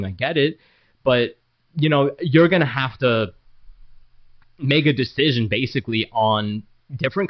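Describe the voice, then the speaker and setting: A man's voice: mid-range voice, lo-fi sound. A man who works as a property manager, talking casually to camera about his business in a frank, rambling way, with many fillers and restarts.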